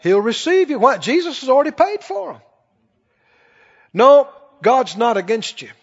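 A man with a notably high voice preaches to his congregation, asking them questions as he goes. The sound is muffled and lo-fi, with a long reverb trailing off through a large church hall. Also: sing-song, moderate pace, slightly rough. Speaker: pastor. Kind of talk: sermon. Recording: dull reverberant church recording.

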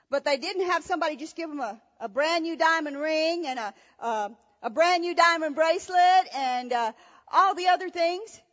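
A woman's voice: very high-pitched, a bit bright. A woman preacher giving a sermon, asking rhetorical questions and telling stories with emphasis. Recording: echoey hall, dull sound.

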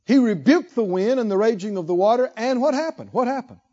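High-voiced lively preacher man, slow, lo-fi. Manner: preaching with rhetorical questions and repetition, chuckling. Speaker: pastor. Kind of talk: sermon.

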